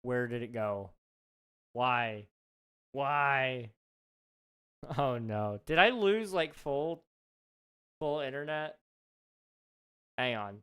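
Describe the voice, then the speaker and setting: Slow-talking young man streaming live. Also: medium pitch, sing-song, a bit bright, clean tone. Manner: chatty, talks through pauses with fillers. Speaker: livestreamer. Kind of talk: casual live-stream chat with viewers. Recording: faint background music.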